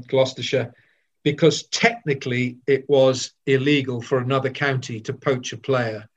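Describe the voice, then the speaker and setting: An older man from Wales telling candid stories of his cricket career, lively and with frequent restarts. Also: medium pitch. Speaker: former cricketer. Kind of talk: reminiscing storytelling.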